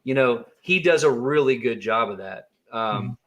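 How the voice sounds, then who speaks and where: A man chatting loosely on a livestream, drifting from topic to topic with plenty of fillers and chuckles. His voice sits at a middling pitch for a man, with nothing unusual about it. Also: lively intonation, moderate pace, fairly bright tone. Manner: rambling, laughs often, with many fillers. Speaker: livestream co-host. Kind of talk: casual chat on a livestream.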